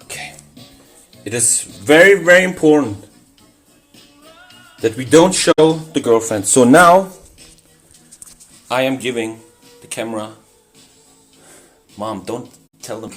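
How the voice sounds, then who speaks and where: A man's voice: mid-range voice, animated, unhurried, pauses often, a bit bright, soft background music. A man for whom English is not his first language, hosting a casual cooking stream in a brash, teasing, mock-boastful way. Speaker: cooking show host.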